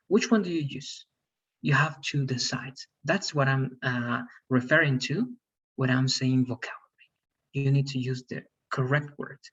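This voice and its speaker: Husky male teacher on a lo-fi call. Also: medium pitch, a bit bright. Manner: explains slowly, repeats "all right" checks. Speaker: English teacher. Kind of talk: online class instruction.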